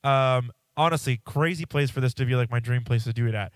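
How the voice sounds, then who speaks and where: A man's voice: medium pitch, brisk, clear, resonant tone, no room sound. A congested man hosting a podcast, chatting casually and rambling, cutting himself off and swearing now and then. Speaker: podcast host. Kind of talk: casual solo podcast chat.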